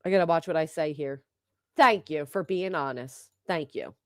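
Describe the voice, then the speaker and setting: A woman's voice: low voice, normal speed, fairly bright tone, no room sound, clean studio sound. Gossipy woman chatting on a livestream. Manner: chatty, gossipy, laughs often. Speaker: livestream host. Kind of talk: casual livestream chat reading comments.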